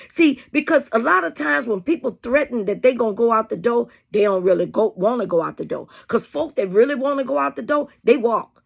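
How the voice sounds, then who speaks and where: A woman's voice: a little high, animated, brisk, gravelly, husky. A woman host giving emphatic, preachy relationship advice straight to her audience, calling them honey and baby. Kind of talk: direct-to-camera advice talk.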